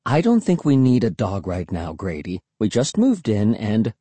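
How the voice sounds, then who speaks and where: A man's voice: fairly low pitch, wildly swooping pitch, moderate pace, mellow, slightly rough, no echo, full character voice. A man voicing a cautious, practical mother who speaks in a firm, warning way.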